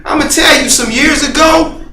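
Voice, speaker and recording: A man teaching a Bible class, talking casually and swinging from loud scolding to quiet, confessional asides. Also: extremely high pitch, moderate pace, a little hiss or hum. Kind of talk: preaching to a small congregation. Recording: roomy echo with faint ambience.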